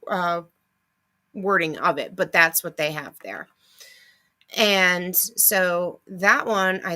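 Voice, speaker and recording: Woman, middle-aged, bright tone; casual livestream host, chatty, lists items and replies to comments. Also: mid-range voice.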